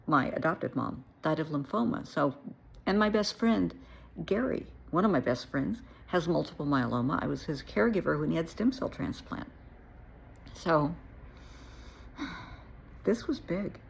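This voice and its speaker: A woman's voice: deep voice, expressive, a little slow, creaky, pauses often, slight background noise. A woman who works as a therapist, telling her own story in a frank, blunt way with dry asides. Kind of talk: personal storytelling to camera.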